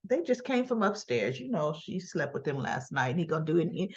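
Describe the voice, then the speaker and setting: A woman's voice: deep voice, very animated, a little fast, few pauses, lo-fi sound. A woman casually recapping soap opera scenes, retelling them in quoted lines with chatty asides.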